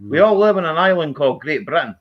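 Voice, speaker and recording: A Scottish man hosting a casual chat stream, rambling and animated, often restarting his sentences. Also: on the high side, quick pace, a loud crowd. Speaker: livestream host. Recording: dull lo-fi stream audio.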